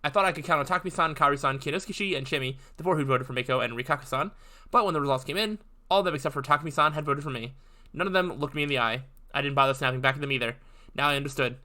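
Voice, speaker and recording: A man playing a visual novel, reading its text aloud with commentary, quick and full of "uh" fillers. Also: medium pitch. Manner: fast, animated reading with frequent "uh" fillers. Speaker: gaming video host.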